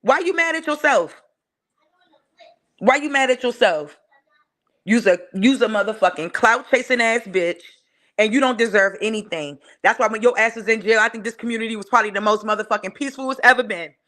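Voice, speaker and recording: A fiery woman with a D.C. tears into someone on her live stream. Her voice sits a bit high and flies higher when she yells. The talk is profane and cutting, with sudden shouts. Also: a little fast. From Washington, D.C. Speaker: channel host ranting on a live stream. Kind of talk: heated live-stream rant.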